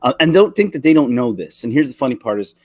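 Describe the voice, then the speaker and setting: A man in his forties delivering an earnest, emotional opinion rant, halting and restarting his sentences. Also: mid-range voice, sing-song, darkish tone, dry recording, clean studio sound. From Canada. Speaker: vlogger.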